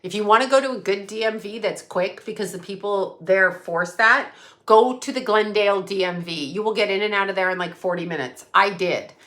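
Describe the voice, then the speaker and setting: Woman, livestream host, casual chat to viewers, bright tense voice, swears a lot, rambling. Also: medium pitch, fairly quick. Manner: profane, rambling, talks straight to chat. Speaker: psychic medium livestream host.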